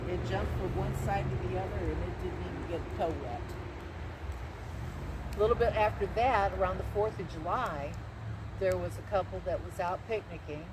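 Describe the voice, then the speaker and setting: A woman telling a spooky story in a folksy, halting way, with many restarts. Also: on the low side, very noisy. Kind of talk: spoken ghost-story telling. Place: outdoor event.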